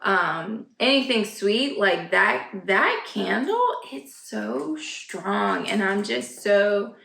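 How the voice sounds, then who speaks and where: A woman's voice: mid-range voice, expressive, slow, creaky, fairly bright tone. Chatty woman in an echoey room. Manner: chatty, gushing, lots of fillers and asides. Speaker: vlogger. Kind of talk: casual chat. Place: home, indoors.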